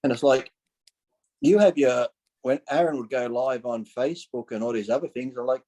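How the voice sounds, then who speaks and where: Speaking at a moderate pace with a medium pitch, this man in his forties comes through a low-quality recording. He's a podcast guest in casual storytelling mode: animated, impersonating quoted voices, profane and quick to laugh.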